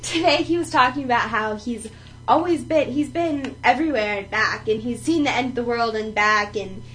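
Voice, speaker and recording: A woman's voice: a little high, moderate pace, a little hiss or hum, poor audio. A teenage girl co-hosting a casual chat show, telling funny stories with lots of giggling. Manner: giggly, animated storytelling.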